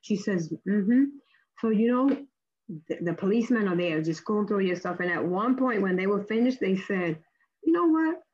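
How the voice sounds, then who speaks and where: Husky woman telling an animated faith story. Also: normal speed, highs cut off. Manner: acts out quoted speech with big pitch jumps. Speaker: guest sharing a testimony.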